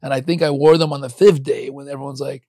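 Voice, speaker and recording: A man's voice: medium pitch, steady tone, fast talker, mellow, no room sound, studio quality. A man hosting a casual interview, chatty and encouraging, cursing now and then. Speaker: podcast host.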